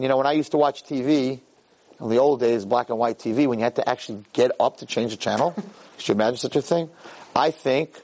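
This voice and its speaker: A man in his fifties lecturing on Jewish ethics with a fairly high voice. He talks in a lively, repetitive way, dipping low for asides and shooting up high for shouted quotes, and drops Hebrew and Yiddish words along the way. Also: low-quality recording. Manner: uses Yiddish and Hebrew terms, repeats phrases for emphasis. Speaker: rabbi lecturer. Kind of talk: Jewish ethics talk to a live audience.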